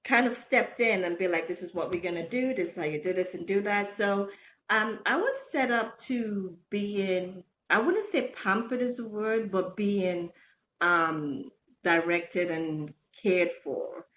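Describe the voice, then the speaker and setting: Middle-aged woman guest, animated storyteller, laughs a lot, faint room hiss. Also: medium pitch, a little slow. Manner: animated, laughs often, acts out quotes. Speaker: podcast guest. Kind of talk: casual storytelling interview.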